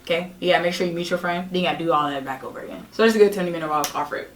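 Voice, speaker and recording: A young woman telling a story as a podcast guest, animated, emphatic and profane. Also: fairly low pitch, rapid-fire. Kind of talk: casual storytelling. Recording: roomy echo, distant mic.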